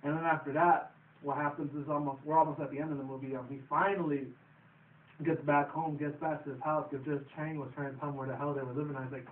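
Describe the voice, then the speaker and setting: A man's voice: a little high, little pitch movement, quick pace, a little hiss or hum. A young man recapping a comedy movie in a loose, profane, rambling way. He laughs at his own retelling. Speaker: vlogger reviewing a movie. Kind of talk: casual rambling movie review. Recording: echoey phone-quality audio from a distance.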